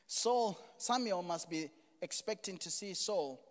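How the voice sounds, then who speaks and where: A middle-aged man preaching a sermon as pastor, moving from quiet asides to loud exclamations. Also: high voice. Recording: reverberant hall.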